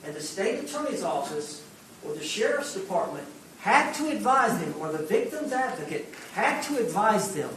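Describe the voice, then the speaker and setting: Male lawyer in court, high voice, picked up from afar in a reverberant room. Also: big pitch swings, normal speed, a bit bright, a little hiss or hum. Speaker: defense attorney. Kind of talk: courtroom argument. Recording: echoey courtroom feed, mic far off.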